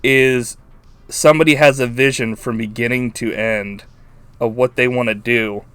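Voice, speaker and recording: Man, podcast co-host, animated, swears a lot, laughs often, dry close sound. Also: mid-range voice, moderate pace, smooth, no echo. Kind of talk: casual chat about a film.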